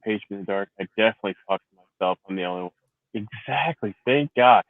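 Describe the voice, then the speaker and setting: A man's voice: fairly low pitch, a little fast, no echo. Rambling, profane veteran man on a tinny line. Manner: profane, rambling, laughs often. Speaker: livestream host, Marine veteran. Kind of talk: casual livestream chat. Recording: tinny phone-like sound.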